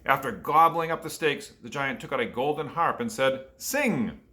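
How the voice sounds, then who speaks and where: Bright-voiced man reading to children. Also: mid-range voice, moderate pace. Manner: asks children questions. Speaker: storyteller for children. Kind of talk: reading a picture book aloud.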